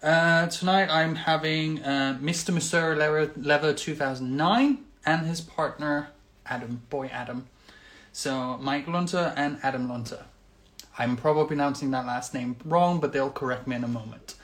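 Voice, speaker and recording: A man's voice: a little high, normal speed, a bit bright. A man hosting a casual video-call interview, friendly and chatty with many fillers. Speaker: podcast host.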